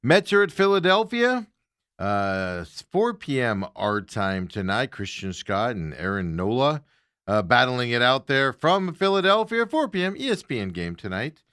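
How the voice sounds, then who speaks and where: A man's voice: medium pitch, very animated, moderate pace, fairly bright tone, clear, resonant tone, no room sound, clean studio sound. A man hosting a sports talk show, chatting in a loose, casual way with chuckling asides.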